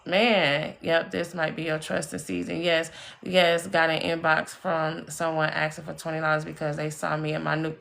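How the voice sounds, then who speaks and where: A low, creaky, slightly bright voice runs at normal speed with flat delivery and hardly any pauses. It belongs to a spiritual reader casually telling personal stories on a live stream, emphatic and chatty, swearing freely and addressing viewers as y'all and baby.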